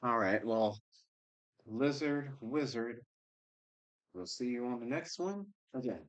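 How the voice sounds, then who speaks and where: A man hosting a casual livestream, chatting with viewers and reading their comments aloud in a relaxed, rambling way. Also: medium pitch, slow pace, pauses often, poor audio. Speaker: livestream host reading scripture.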